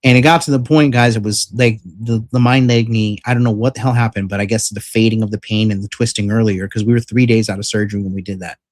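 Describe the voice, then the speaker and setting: Male vlogger, low register, rambling and profane, dry close sound. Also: fairly even intonation, fast talker, few pauses, no room sound. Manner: rambling, profane, filler-heavy retelling; frank and emphatic. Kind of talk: casual storytelling vlog.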